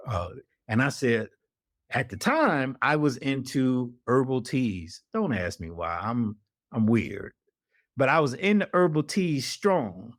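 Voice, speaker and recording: A man's voice: mid-range voice, very animated, slow, no echo, studio quality. A middle-aged man, an investigative reporter telling a story in an interview and acting out the people he quotes. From Atlanta, US South.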